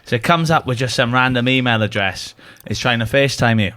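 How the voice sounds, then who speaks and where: A man's voice: mid-range voice, brisk, bright, forceful tone. A man with a Welsh accent, a podcast guest telling rambling, laughing anecdotes in casual chat. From Wales.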